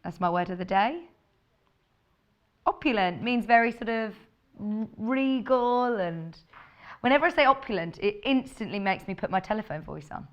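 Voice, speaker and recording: A woman with a low, husky voice, chatting in a bubbly way as she presents a live TV shopping show. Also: expressive, brisk, fairly bright tone, lo-fi sound. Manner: bubbly, chatty, laughs often. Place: TV studio.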